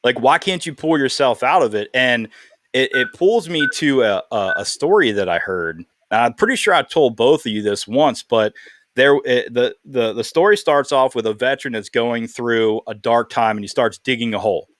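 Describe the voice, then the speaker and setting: A man's voice: medium pitch, lively intonation, normal speed, a bit bright, no echo, studio quality. A man hosting a podcast, talking in a casual, earnest way and telling a heartfelt story. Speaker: podcast host.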